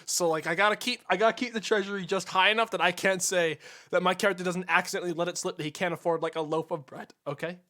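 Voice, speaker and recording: Male streamer, rambling and profane during gameplay, with a high, bright voice. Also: steady tone, quick pace. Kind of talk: gameplay commentary.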